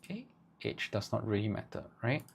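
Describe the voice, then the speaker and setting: Gravelly low-voiced man thinking aloud. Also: big pitch swings. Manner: thinks aloud, tags sentences with "right?"; halting, with many restarts. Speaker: agency owner teaching ad writing. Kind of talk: live ad-writing walkthrough.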